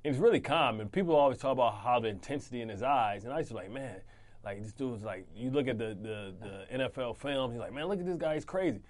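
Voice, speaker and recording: A man's voice: mid-range voice, fast talker, hardly any pauses. A man in his forties, a former football player, telling stories in a casual interview, laughing and acting out what others said. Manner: animated, laughing storyteller who acts out quotes.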